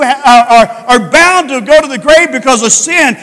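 Fervent high-voiced preacher in a reverberant church. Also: male voice, expressive. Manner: fervent, rising to shouts, drawn-out emphasis. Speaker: pastor. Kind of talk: sermon. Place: church sanctuary. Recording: long hall reverb.

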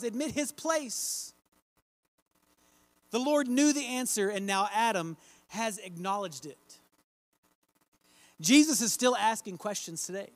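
Man, preacher, high voice, earnest sermon, slows to stress points, dry close sound. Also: no echo. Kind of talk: sermon with scripture reading.

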